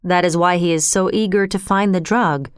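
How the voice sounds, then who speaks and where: A woman reading a story aloud in steady, scripted narration. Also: on the low side, normal speed, clear, resonant tone, no room sound, clean studio sound.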